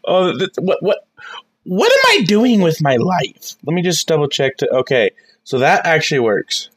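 A woman vlogger with a raspy, smoker-like voice, talking in a chaotic, self-mocking way, swearing and bursting into shrieks. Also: low voice, sing-song, moderate pace. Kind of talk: chaotic casual vlog with shouted singing along.

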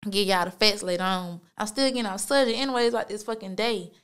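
Talking fast in a clear, resonant, fairly bright medium-pitched voice, a woman hosts her own podcast with a casual storytelling monologue. She keeps it relaxed and slangy, swears a lot, and fills pauses with "like" and "you feel me."

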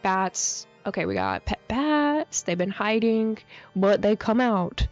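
A young woman giving excitable, slang-heavy commentary on a game update, holding a handheld mic that peaks. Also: mid-range voice, slow. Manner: excitable, chatty, full of slang and fillers. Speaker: gaming YouTuber. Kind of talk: casual gameplay commentary. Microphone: handheld mic, peaking and overdriven. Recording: dull lo-fi mic with faint music.

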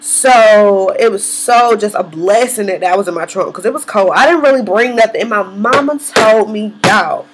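A woman's voice: mid-range voice, very animated, normal speed, slightly rough. A young woman chatting casually to camera in a vlog, swearing freely and laughing often. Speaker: hair vlogger.

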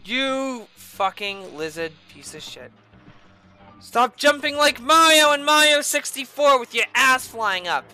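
A woman streaming a video game, raging and cursing loudly at it in heated gameplay commentary. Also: high-pitched, expressive, measured pace, clear, resonant tone, soft background music. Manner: furious profane yelling at the game. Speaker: gaming streamer.

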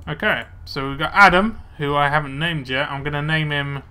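Bright-voiced man narrating gameplay. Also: fairly high pitch, steady tone, normal speed, clean tone. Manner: chatty, muttering to himself while playing. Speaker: let's play gamer. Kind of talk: casual gameplay commentary.

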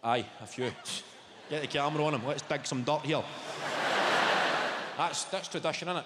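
A Scottish man in his thirties doing a stand-up comedy set, sweary and animated as he banters with the crowd. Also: fairly high pitch, moderate pace, long pauses, heavy background noise. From Scotland. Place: large theatre stage. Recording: live theatre mic, long hall reverb. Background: audience ambience.

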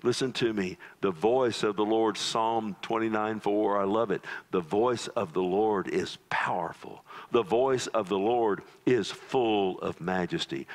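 A pastor preaching a sermon, dramatic, dropping into low hushed tones for emphasis and calling the listeners "loved one". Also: male voice.

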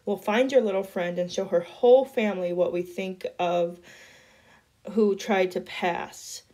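A woman's voice: mid-range voice, steady tone, a little slow, mellow, natural voice. A woman reading aloud, voicing a mean, bossy teenage boy who bullies others. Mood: sneering. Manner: sneering, bossy.

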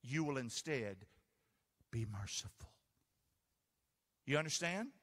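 Animated preacher man in a reverberant church. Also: medium pitch, slow pace. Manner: animated call-and-response preaching, asks the crowd to answer. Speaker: pastor. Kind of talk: sermon. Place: church sanctuary.

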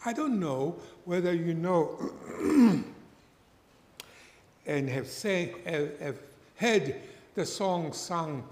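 Slow-preaching man in an echoey church. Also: fairly high pitch, lively intonation, darkish tone. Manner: slow, deliberate delivery, acting out a story's characters. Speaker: pastor. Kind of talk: sermon with storytelling. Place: church hall. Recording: echoey church hall with long reverb.

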